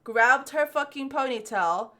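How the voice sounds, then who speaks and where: Bright-voiced young woman telling a story. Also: high-pitched, measured pace. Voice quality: profane, animated storyteller. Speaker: podcast host. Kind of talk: casual storytelling chat.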